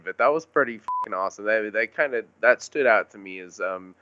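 A man's voice: lowish voice, highs cut off, very noisy. A man in a casual podcast chat, cursing freely and restarting sentences. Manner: swears freely, halting with restarts. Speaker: podcast co-host.

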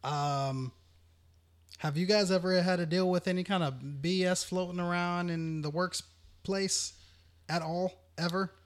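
A man's voice: high voice, steady tone, a little slow. A man hosting a casual podcast chat, bringing up news stories and asking his co-hosts questions. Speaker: podcast host.

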